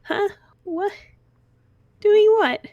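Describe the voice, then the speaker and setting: A tiny four-year-old girl, timid and guilty, stammering out halting words in a very high voice, as a woman puts her on. She sounds dry and close, and her voice jumps up and down. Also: expressive, darkish tone, no echo, dull audio, exaggerated voice. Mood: bewildered. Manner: hesitant, stammering.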